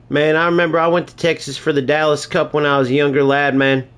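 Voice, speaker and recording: A man's voice: on the high side, level tone, fast, hardly any pauses, a bit bright, clear, resonant tone. A man talking casually while streaming a football video game, chatty and laid-back, often checking in with "right?" and "bro". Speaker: gaming streamer. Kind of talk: casual live-stream commentary.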